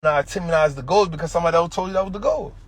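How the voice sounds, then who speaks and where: A man with a high, husky voice and an Atlanta Black American English accent, lecturing on a livestream. He talks about money in street slang and drives his points home by repeating them. The tone is preachy and direct. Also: racing. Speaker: finance educator. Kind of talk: livestream talk.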